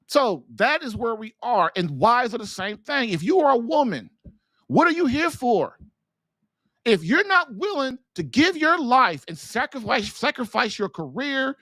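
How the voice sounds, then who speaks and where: A man's voice: very high voice, pushed and bright, no room sound, clean studio sound. Preachy man firing rhetorical questions. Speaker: podcast host and marriage coach. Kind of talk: impassioned religious monologue.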